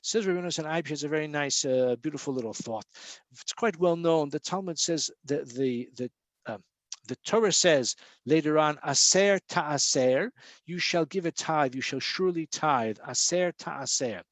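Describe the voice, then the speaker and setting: A man teaching a Torah class in a casual way. He chants Hebrew verses slowly, explains them in English, and fills pauses with many uhs and restarts. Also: fairly high pitch, no echo. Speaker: rabbi teaching Torah portion.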